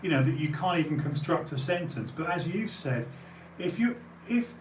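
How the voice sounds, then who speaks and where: A man's voice: on the high side, lively intonation, normal speed, echoey room, recorded from a distance, a little hiss or hum, poor audio. A British man who runs an auction house, chatting casually in a rambling way with many fillers and restarts. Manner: rambling, full of fillers and restarts, bursts of emphasis. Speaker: auction house owner and live streamer. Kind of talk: casual podcast conversation.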